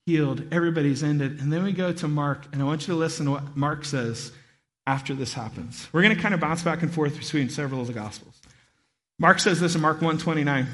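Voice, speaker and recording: Bright-voiced man preaching in a hall. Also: on the high side. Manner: animated storytelling, acts out voices. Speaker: pastor. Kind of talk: sermon. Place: church hall.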